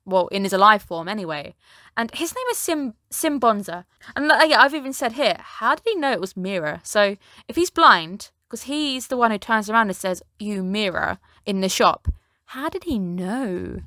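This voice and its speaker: Woman chatting through an anime recap, bright voice, dry close mic, does the characters' lines in animated voices. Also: fairly high pitch, no echo. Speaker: anime reviewer. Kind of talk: casual episode recap.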